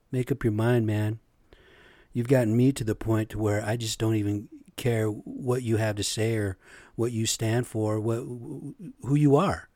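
A man's voice: fairly low pitch, mellow, dry recording. A middle-aged man hosting a solo podcast, ranting bluntly and profanely in an exasperated way, talking straight to his listeners. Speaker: podcast host. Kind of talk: opinionated solo podcast rant.

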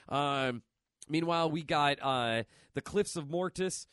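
A man's voice: on the high side, moderate pace, fairly bright tone, clean tone, dry recording, clean studio sound. A man hosting a podcast, casually recapping a comic story, rambling with lots of fillers and swearing. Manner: rambling, profane, filler-heavy. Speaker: podcast host.

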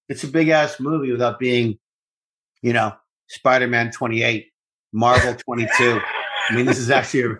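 Pria bercerita dengan kasar dan bersemangat. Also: male voice, mid-range voice, poor audio. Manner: profane, animated storytelling. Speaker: podcast co-host. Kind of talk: casual podcast chat.

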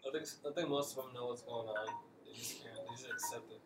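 A man's voice: medium pitch, steady tone, quick pace. A man co-hosting a podcast in casual chat, offhand and slangy, swearing and laughing. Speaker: podcast co-host. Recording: echoey room with faint noise.

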